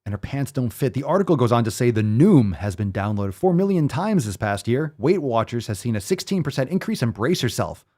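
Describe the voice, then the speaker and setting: A man's voice: medium pitch, big pitch swings, fairly quick, few pauses, mellow. A man hosting a podcast, giving profane, sarcastic commentary as he reads posts and articles aloud. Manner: sarcastic, mocking, emphatic. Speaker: podcast host.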